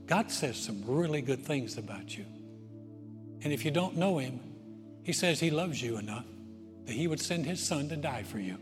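A man preaching a sermon as pastor, earnest, repeating his phrases and swinging between loud and soft. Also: fairly high pitch. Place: church auditorium. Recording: long reverb of a large auditorium, faint music.

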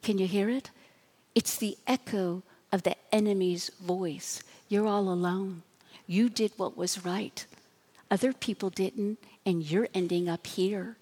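A woman pastor giving a dramatic sermon, dropping to hushed tones and rising to emphatic bursts. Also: medium pitch, fairly even intonation, unhurried, slightly rough, in a large hall.

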